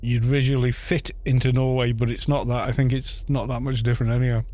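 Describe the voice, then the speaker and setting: This Welsh-accented, middle-aged man talks fast in a medium-pitched, mellow voice with a flat delivery. He is streaming a game, bantering with his viewers, and frequently fumbles his words and laughs while answering chat.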